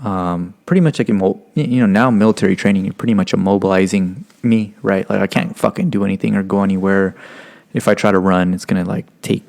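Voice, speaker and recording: Man, low gravelly voice, from stockton, casual profane storytelling, rambling with fillers. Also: steady tone, fast talker, a little mellow. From Stockton, California, United States. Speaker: podcast guest.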